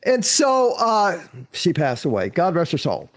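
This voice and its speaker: Animated older man telling stories. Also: high-pitched, unhurried. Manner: animated, acts out quotes, laughs often. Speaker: guest, former actor. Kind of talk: anecdotal storytelling.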